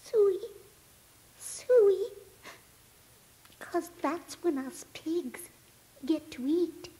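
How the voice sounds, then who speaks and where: A man doing a very high, fussy little girl pig. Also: expressive, extremely slow, dark tone, a little hiss or hum, exaggerated voice. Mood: wistful. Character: fussy young female pig, easily frightened.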